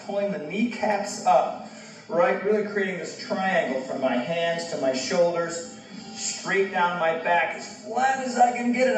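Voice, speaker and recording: Upbeat male yoga instructor, slightly high voice, jokes at himself, echoey room, far from the mic. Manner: casual, encouraging, self-joking. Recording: echoey room, distant mic, soft music.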